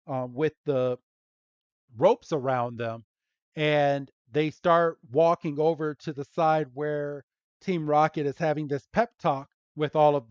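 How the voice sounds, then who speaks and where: A man's voice: fairly high pitch, darkish tone, clear, resonant tone, dry recording. A man hosting a podcast, retelling a story in casual chat with giggles and many hesitant ums. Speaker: podcast host. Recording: dull lo-fi podcast audio.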